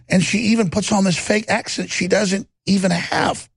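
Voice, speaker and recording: Brief: high, gravelly middle-aged male commentator, scornful. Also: moderate pace, no room sound, studio quality. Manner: scornful, rambling, mocking. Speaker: host. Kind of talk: combative political commentary.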